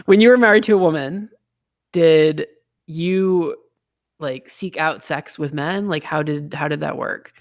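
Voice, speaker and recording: A man hosting a relaxed, chatty conversation, with frequent fillers and restarts. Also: on the high side, measured pace. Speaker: host. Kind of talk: casual chat.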